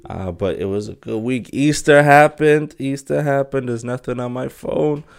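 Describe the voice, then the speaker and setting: A man's voice: mid-range voice, moderate pace, vocal fry, dark tone. A young man hosting a solo podcast, chatting casually in a rambling, jokey way with many fillers and restarts. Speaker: podcast host.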